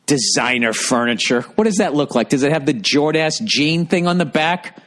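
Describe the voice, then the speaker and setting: High-pitched man on a profane rant. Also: animated, moderate pace. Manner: profane, heated ranting, sarcastic; reads listener comments aloud and answers them. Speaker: podcast host. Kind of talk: ranting monologue.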